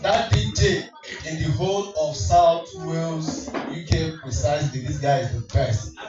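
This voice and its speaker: A man's voice: a little high, steady tone, a little slow. A man working the crowd as a comic MC at a community party, teasing and playful. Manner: teasing, playful crowd work with frequent laughter. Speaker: event MC and comedian. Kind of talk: live MC banter with crowd. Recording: distant echoey hall mic, dull sound. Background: music playing.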